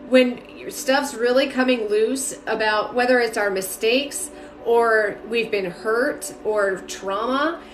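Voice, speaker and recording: A woman's voice: fairly high pitch, a bit bright, reverberant. A woman giving casual live-stream spiritual readings, chatty, greeting viewers by name and talking with lots of fillers. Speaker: spiritual reader and mentor. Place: home room.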